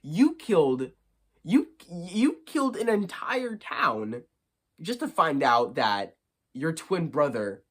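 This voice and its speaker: A young man giving a casual movie review, animated and quick to get worked up. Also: fairly high pitch.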